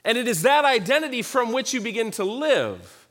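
A man's voice: very high voice, big pitch swings, moderate pace, a bit bright. A man in his thirties preaching a sermon, telling a personal story in a conversational way with emphatic repetition. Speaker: pastor.

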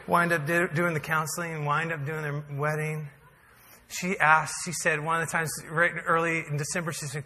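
A man's voice: a little high, moderate pace, bright, forceful tone, slight background noise. A man preaching a sermon as pastor, telling a story in a conversational, humorous way that builds to emphatic peaks. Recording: hall reverb.

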